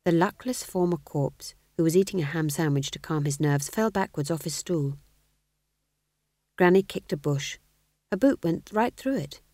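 A woman's voice: sits low, normal speed, darkish tone, no echo. A woman narrating an audiobook in a dry, wry storytelling manner.

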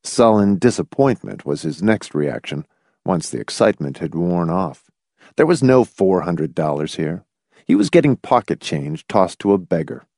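A man with a low, gravelly voice narrates fiction as an audiobook reader, swinging widely in pitch as he tells the story in an expressive, dramatic way. He reads the script at a moderate pace, and the recording is close and dry with no room sound at all.

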